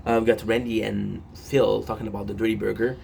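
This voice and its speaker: A man's voice: fairly low pitch, little pitch movement, a little fast, gravelly, a little mellow, slight background noise. A man casually recapping a show episode on his phone, rambling with many fillers and restarts and swearing often.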